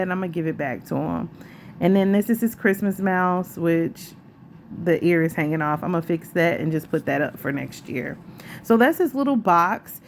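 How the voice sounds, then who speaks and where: A woman vlogging casually at home, chatting in a rambling, animated way with asides. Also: lowish voice, slight background noise. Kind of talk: casual chat to camera.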